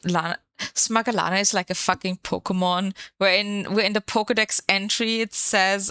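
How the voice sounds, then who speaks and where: A woman's voice: medium pitch, steady tone, moderate pace, pushed and bright, clear, resonant tone, dry recording. A woman streamer chatting casually on a live stream, playful and swearing freely into a desk microphone.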